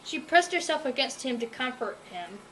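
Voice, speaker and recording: High, lively woman reading a story. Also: moderate pace, slight background noise, low-quality recording. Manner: expressive, animated storybook reading.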